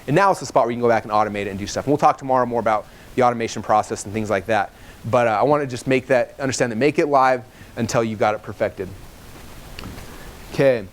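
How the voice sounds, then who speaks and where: Teaching a live seminar to a room, this webinar trainer in his thirties tells his stories quickly and with lots of animation. When characters speak, he performs their lines in higher-pitched voices.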